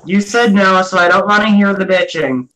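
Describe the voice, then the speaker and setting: A man's voice: sits high, moderate pace, crowd noise, low-quality recording. A man chatting casually on a stream, teasing and blunt. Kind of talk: casual chat.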